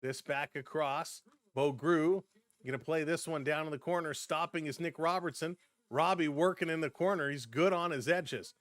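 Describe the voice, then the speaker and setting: A man with a slightly high voice calling hockey play-by-play on a live stream. He drifts easily between the action and chatting with viewers, laughing often. The sound is close and dry, with no room around it. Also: moderate pace, fairly bright tone, dry recording. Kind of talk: casual play-by-play commentary with chat.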